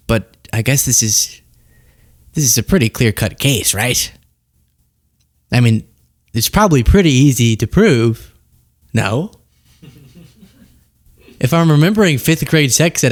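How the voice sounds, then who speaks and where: A man's voice: mid-range voice, dry recording. Male show host, wry and incredulous, dry studio sound. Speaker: political commentary host. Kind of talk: casual commentary on played clips.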